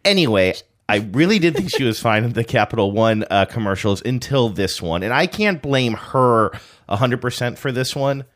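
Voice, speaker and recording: A man's voice: mid-range voice, animated, moderate pace, a bit bright. A man co-hosting a podcast, chatting casually in a rambling, joking way and saying he feels sluggish. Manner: rambling, joking, self-deprecating. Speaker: podcast co-host. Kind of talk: casual chat.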